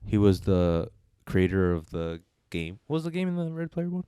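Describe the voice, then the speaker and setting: A man with a low, smooth and resonant voice talks loosely through a film review, and he often circles back with fillers and restarts. The sound is dry and close, with no room echo. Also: big pitch swings, moderate pace, dark tone. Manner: rambling, hesitant, many fillers and restarts. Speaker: podcast co-host reviewing films. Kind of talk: casual chat.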